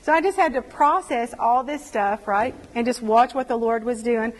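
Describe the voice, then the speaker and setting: Woman speaker, animated testimony, slightly high voice, echoing hall. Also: moderate pace. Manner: animated storytelling, acts out quotes. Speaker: women's ministry speaker. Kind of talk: personal testimony sermon.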